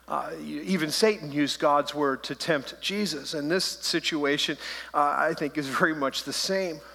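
A male pastor delivers a sermon with a bright, forceful voice pitched a little high. He talks in a loose, conversational way and tosses in playful asides. The sound rings with the long reverb of a church hall. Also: a little slow, creaky.

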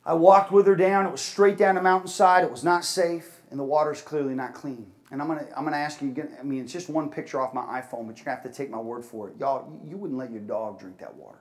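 A man giving an energetic fundraising talk at a church service, swinging between loud bursts and hushed moments. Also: a little high, quick pace, hardly any pauses. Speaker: charity speaker at a church.

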